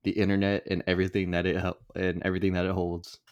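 Low-voiced relaxed young man, dry mic. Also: fast talker, no echo, muffled recording. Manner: relaxed, slangy. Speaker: podcast co-host. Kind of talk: casual chat.

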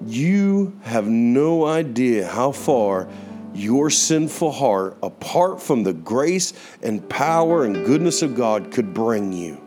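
A young man preaching, telling a personal testimony in an earnest voice that slows down for emphasis. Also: mid-range voice, big pitch swings. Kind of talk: sermon testimony. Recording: guitar music playing underneath.

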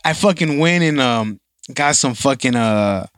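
A man's voice: medium pitch, expressive, unhurried, fairly bright tone, clean tone, no echo, soft background music. A man casually telling a long story to a friend, slangy and profane, acting out the voices of the people in it. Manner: laid-back, slangy, profane, acts out quoted voices. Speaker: podcast co-host telling a story.

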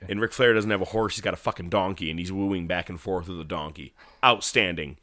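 A man with a low, bright, forceful voice tells stories in an animated, swearing, casual way, acting out quotes as he goes. The sound is close and dry, with no room in it. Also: brisk, no echo. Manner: animated storytelling, swearing, acts out movie lines. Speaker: podcast co-host. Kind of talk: casual wrestling chat.

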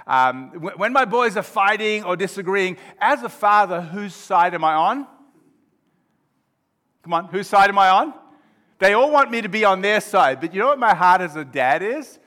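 A man in his fifties preaching a sermon as pastor, shifting from quiet reflection to loud, emphatic exclamations. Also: high voice, animated, a little slow.

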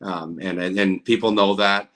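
Guy rambling earnestly in an interview, kinda low but bright sharp tone. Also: fairly even intonation, normal speed. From Canada. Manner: earnest, rambling, with many restarts. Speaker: guest. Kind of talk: casual interview chat.

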